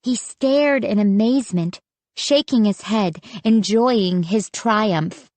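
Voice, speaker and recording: A woman narrating a spooky children's audiobook in a measured, suspenseful reading. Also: mid-range voice, darkish tone, no echo. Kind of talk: scripted horror narration.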